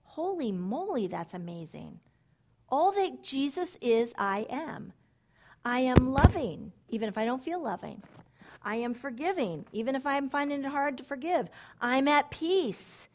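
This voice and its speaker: Animated higher-voiced woman preaching. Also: moderate pace. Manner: animated and emphatic, with repetition and sudden soft asides. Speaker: women's ministry speaker. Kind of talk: sermon-style Bible teaching.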